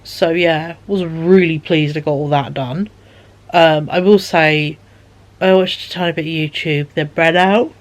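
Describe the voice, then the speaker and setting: Chatty tired British mum vlogging. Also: female voice, sits low, steady tone, a little slow. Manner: rambling, lots of fillers and repeated "he said". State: yawning, tired. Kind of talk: casual chatty vlog.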